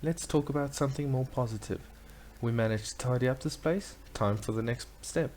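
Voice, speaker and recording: A man's voice: medium pitch, fairly quick, a little mellow. Playful man reading game text. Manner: chatty, playful, reads lines in silly voices. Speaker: let's play host. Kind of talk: casual gameplay commentary and reading game dialogue aloud.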